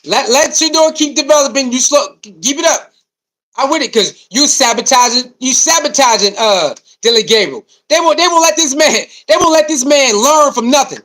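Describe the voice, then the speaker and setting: This is a man with a very high-pitched voice, speaking at normal speed through an animated sports commentary rant. Rhetorical questions, repeated lines for emphasis, and direct appeals to the audience fill his delivery.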